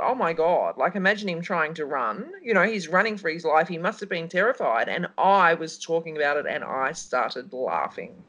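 A woman's voice: on the low side, fairly bright tone. A woman co-hosting a casual radio talk show, telling a story in a rambling way. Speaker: co-host.

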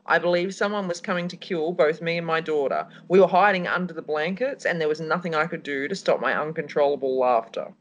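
A woman's voice: deep voice, brisk, hardly any pauses, slight background noise. A woman co-hosting a casual radio talk show, telling a story in a rambling way. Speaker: co-host.

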